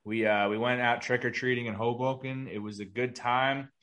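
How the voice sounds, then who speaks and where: A man's voice: medium pitch, steady tone, normal speed, a bit bright. A man in his thirties, a podcast co-host, telling stories in an easygoing, wry way. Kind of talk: casual chat.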